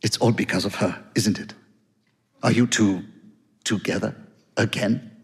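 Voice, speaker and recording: A man reading an audiobook, voicing a woman with a hoarse, forced voice who speaks low and quietly. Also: fairly even intonation, measured pace, in a large hall. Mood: hurt, reproachful. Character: hoarse, strained woman, the hero's lover. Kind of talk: audiobook character voice.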